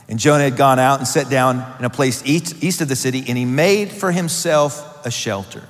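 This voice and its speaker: A man's voice: medium pitch, expressive, a little fast, hardly any pauses. A man preaching a sermon, reading scripture aloud and then driving his points home with rising emphasis. He slips in light joking asides between passages. His voice carries a long reverb from the hall around him. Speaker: pastor. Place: church hall.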